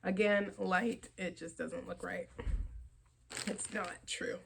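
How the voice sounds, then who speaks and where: A woman hosting a knitting podcast, chatting casually about her yarn purchases in an excitable, rambling way with frequent laughs. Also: lowish voice, slow pace, vocal fry, noisy background.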